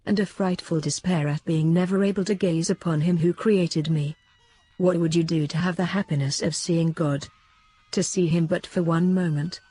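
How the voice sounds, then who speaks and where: A woman reading a devotional book aloud as an audiobook narrator, in a steady, measured way. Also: fairly low pitch, slightly rough. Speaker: audiobook reader.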